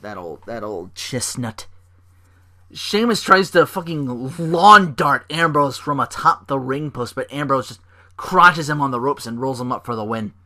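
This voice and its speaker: A man hosting a casual home podcast, recapping wrestling with a bright, forward voice. He talks loosely and acts out the wrestlers' lines in higher, louder bursts before dropping back to his easy speaking tone. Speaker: podcast host.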